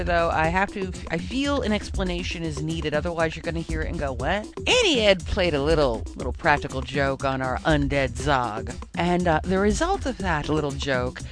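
A man hosting a casual gaming podcast, rambling through asides before signing off. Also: on the high side. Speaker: podcast host.

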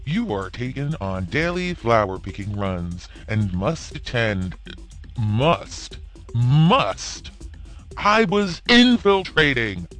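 Man as a grouchy sarcastic rogue, deep voice, slow drawl, faint music behind. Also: lively intonation. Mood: indignant. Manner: gruff, sarcastic, threatening. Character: grumpy, sardonic male rogue character. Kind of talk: comedic podcast sketch.

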